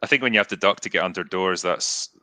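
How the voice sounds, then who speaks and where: A man's voice: sits low, quick pace, sharp tone, no room sound. A British man hosting a casual video-call chat, reading viewer comments aloud with dry, wry humor. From Britain. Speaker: podcast host. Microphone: webcam video call.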